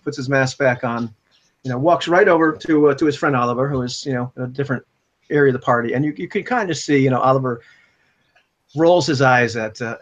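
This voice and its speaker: A man narrating a tabletop role-playing game as game master, rambling with many fillers and chuckling often. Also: medium pitch. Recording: dull lo-fi recording.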